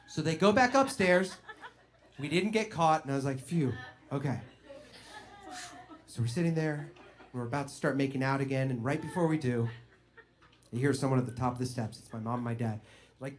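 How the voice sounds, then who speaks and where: A young man doing stand-up, telling a story in an animated way and acting out the voices of other people. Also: fairly high pitch, brisk, long pauses. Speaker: stand-up comedian.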